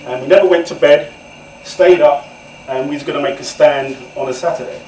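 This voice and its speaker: A man's voice: on the high side, fairly even intonation, a little fast, darkish tone, a little hiss or hum. A man in his forties telling his life story to an audience, candid and conversational, often turning to the listeners directly. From England. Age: 40s. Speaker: guest author speaker. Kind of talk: personal storytelling talk to an audience. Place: event room with an audience. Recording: echoey room, far from the mic.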